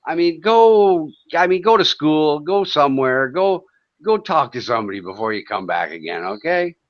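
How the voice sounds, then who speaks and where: With a fairly high, sing-song voice at normal speed, a man hosting a livestream from his home in Thailand mocks chat trolls, ranting sarcastically and profanely. The stream audio is dull and lo-fi.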